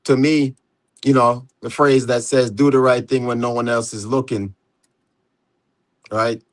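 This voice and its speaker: A man's voice: medium pitch, steady tone, unhurried, dry recording. A man from Jamaica with a Jamaican accent, hosting a casual live panel chat in a laid-back way, dropping "you know" often and laughing easily. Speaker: host.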